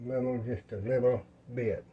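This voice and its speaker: A man's voice: mid-range voice, fairly even intonation, moderate pace, narrow, tinny audio. A man, chatting in a folksy, rambling way to his viewers while he cooks in his home kitchen. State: out of breath. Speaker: home cooking vlogger. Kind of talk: casual cooking talk to viewers.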